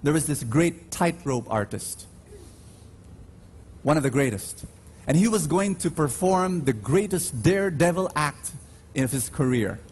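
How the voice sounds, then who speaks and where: Slightly high and animated, with a darkish, somewhat rough tone, this preacher addresses a big church congregation at Mass. He trades emphatic calls and responses with them and tells his stories slowly, building to dramatic rises.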